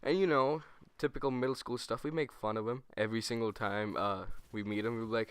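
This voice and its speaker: A young man casually telling a school story over gameplay, rambling and animated, correcting himself as he goes. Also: mid-range voice, smooth, no echo. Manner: rambling, animated, self-correcting, with quick put-on quotes. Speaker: gaming channel host.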